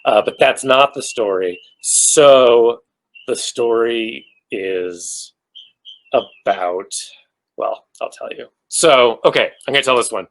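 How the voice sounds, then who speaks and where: This actor has a medium-pitched voice and takes his time, heard through a rough recording. On a virtual fan panel over video call, he meanders, mocks himself jokingly, and leans on filler words.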